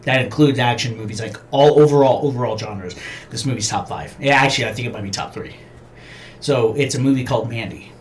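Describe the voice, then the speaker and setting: A man's voice: medium pitch, fairly quick, slight background noise. A man co-hosting a podcast, casually retelling a film scene in a profane, rambling way. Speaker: podcast co-host. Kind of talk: casual chat.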